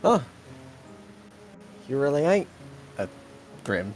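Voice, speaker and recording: A man's voice: medium pitch, big pitch swings, slow pace, faint music behind, pitched above the performer's own voice. A man voicing a cheerful teenage farm boy in a put-on American Southern drawl, folksy and laughing at his own slips. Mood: curious.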